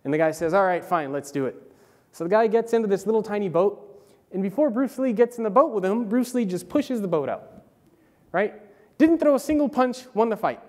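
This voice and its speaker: A young adult man giving a casual, animated conference presentation with many fillers and restarts. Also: sits high, a little fast. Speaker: conference speaker. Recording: hall reverb.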